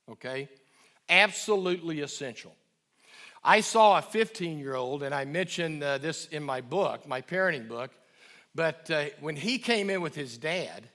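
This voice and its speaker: A middle-aged man giving a parenting talk to a live audience, emphatic, stressing key phrases slowly and repeating them, and asking the audience questions. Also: a little high, fairly bright tone. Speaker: guest speaker on parenting. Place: church hall.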